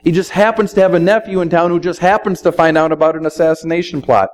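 A man's voice: fairly high pitch, steady tone, fast talker, poor audio. A middle-aged man preaching a sermon, speaking conversationally and quoting scripture. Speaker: pastor.

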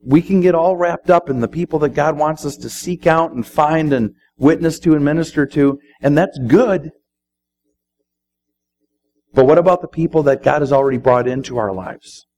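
A man's voice: a little high, moderate pace, darkish tone, soft background music, low-quality recording. A middle-aged man preaching a sermon, speaking conversationally and quoting scripture. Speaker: pastor.

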